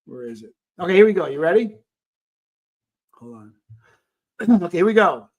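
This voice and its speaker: A middle-aged man hosts a casual livestream, slightly higher-pitched than most men. He talks to his chat in an earnest, rambling way, restarting his sentences often. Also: big pitch swings, moderate pace, long pauses. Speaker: livestream host. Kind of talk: casual chat reading live comments.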